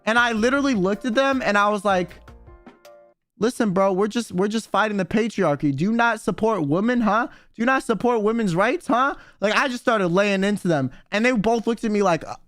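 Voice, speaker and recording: A young man with a high, light voice tells a chaotic story to his stream, swearing often and acting out what everyone said. The sound is close and dry, with faint music underneath. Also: fairly quick, no echo. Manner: animated, swears a lot, acts out quotes. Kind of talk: casual storytelling chat.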